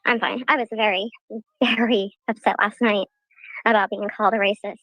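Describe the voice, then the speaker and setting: A woman streamer in a played clip with a raspy voice, retelling events in an indignant, sarcastic way. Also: mid-range voice, fairly even intonation, moderate pace, a bit bright, dry recording, poor audio. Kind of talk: casual livestream talk.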